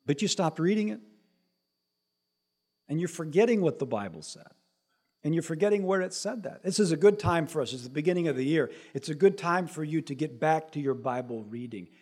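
Man, preacher, husky voice, slightly high, emphatic sermon delivery, scripture reading. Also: animated, brisk, darkish tone. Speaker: pastor.

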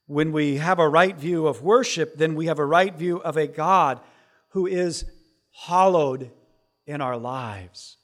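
A middle-aged man preaching a sermon as pastor, swinging between hushed asides and loud, emphatic lines. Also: on the high side, fairly even intonation, moderate pace.

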